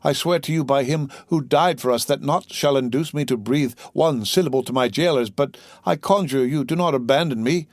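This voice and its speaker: A man's voice: mid-range voice, moderate pace, few pauses, no echo, lightly acted. A man voicing a desperate young male prisoner in an audiobook, pleading with earnest passion.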